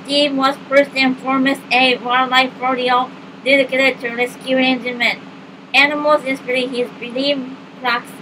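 A woman reading book blurbs aloud in a halting way, stumbling and misreading words as she goes. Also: sits high, pushed and bright, slight background noise, poor audio.

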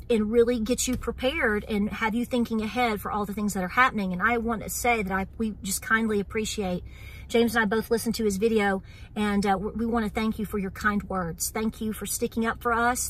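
A woman's voice: medium pitch, fairly even intonation, fairly quick, breathy edge. A middle-aged woman with an East Tennessee accent, hosting a homestead vlog and talking earnestly and wound up to her viewers, dropping in y'all. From Southern Appalachia. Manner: earnest and wound up, repeats "so here's the deal", says y'all. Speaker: homestead channel host. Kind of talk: casual vlog talk to viewers.

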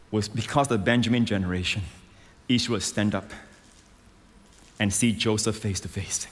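A man preaching a sermon as a pastor, emphatic and rising to loud exclamations, on a stage microphone in a large church. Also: lowish voice. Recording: long hall reverb.

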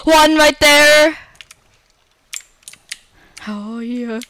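A woman's voice: high-pitched, slow, pauses often, heavy background noise. A woman giving chatty gameplay commentary, breaking into dramatic squeals and panicked repeated cries. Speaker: Minecraft let's-play creator.

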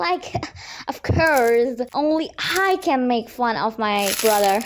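A woman's voice: a little high, animated, slow, slight background noise. A young woman telling casual storytime anecdotes, chatty and giggly, acting out the quotes she retells.

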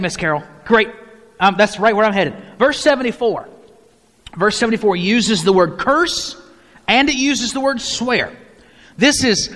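A man's voice: high voice, a bit bright. A man, a pastor, leading a mid-week Bible study in a conversational teaching style, often restarting his phrases and inviting questions from the group. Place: church hall. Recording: long hall reverb.

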